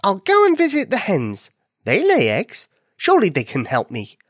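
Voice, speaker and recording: This is an eager, helpful young male bunny from a bedtime storybook, pitched high and ringing with excitement. A man acts him out, and the voice leaps up and down in a lively way. The sound is close and dry. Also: moderate pace, no room sound, heavily acted. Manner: high, bright and exclaiming.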